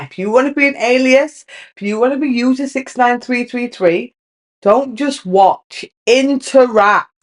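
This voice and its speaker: A young woman, hosting her own podcast, talking candidly and rambling with many restarts. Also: mid-range voice. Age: young adult. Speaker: podcast host. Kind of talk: casual solo chat.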